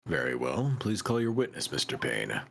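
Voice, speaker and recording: A weary old judge speaks in slow, formal tones, as a man puts him on. The voice sits low and lively in pitch. It sounds like a game dub done on a live stream. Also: creaky, noisy background, exaggerated voice. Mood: solemn. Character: weary older male courtroom judge.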